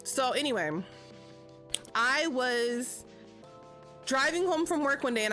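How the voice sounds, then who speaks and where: A woman's voice: high voice, slow pace, pushed and bright, faint music behind. Chatty profane woman in her thirties. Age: 30s. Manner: chatty, profane, heavy filler "like". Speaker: vlogger. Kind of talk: casual storytime livestream. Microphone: streaming setup.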